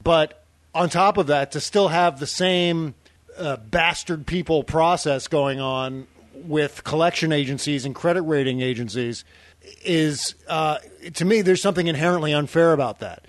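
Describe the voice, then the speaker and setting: A male podcast co-host with a slightly high voice chats casually and laughs often. He restarts sentences and fills gaps with "uh". The sound is dry and close, with no room. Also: moderate pace, dry recording. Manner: chatty, laughs easily, many restarts and "uh"s. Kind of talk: casual chat.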